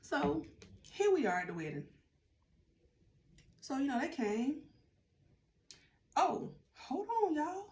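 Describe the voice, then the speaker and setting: A woman's voice: sits high, measured pace, long pauses. Chatty woman in an echoey room. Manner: animated, chatty, addresses viewers directly. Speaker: vlogger telling a story. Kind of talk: casual storytime vlog.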